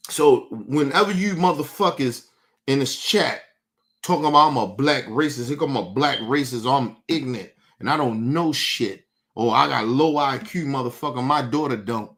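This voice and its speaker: A man at an ordinary middle pitch rants to his live chat, blunt and full of swearing. He hammers his points and often repeats or restarts words as he presses on. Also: moderate pace, fairly bright tone. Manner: profane, blunt and emphatic. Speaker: livestream host. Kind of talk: casual rant to a live chat.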